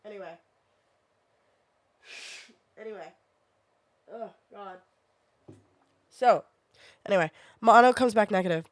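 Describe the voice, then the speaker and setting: A woman's voice: mid-range voice, takes it slowly, pauses often. A woman in her twenties who is sick with a sinus infection, telling a rambling story to her stream with lots of swearing. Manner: swears freely, rambling and animated. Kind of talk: casual storytelling to a live chat.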